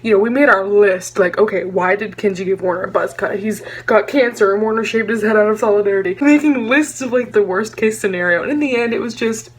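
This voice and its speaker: A woman's voice: medium pitch, fairly even intonation, breathy edge. Gushing young woman book vlogger. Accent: Texan. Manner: gushing, fast, full of "like" and dramatic asides. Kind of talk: excited book reaction vlog.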